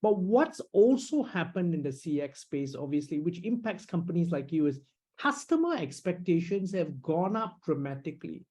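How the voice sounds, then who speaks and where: A man's voice: high voice, dark tone. A man hosting a business interview, summarizing points and asking questions. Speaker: interviewer host.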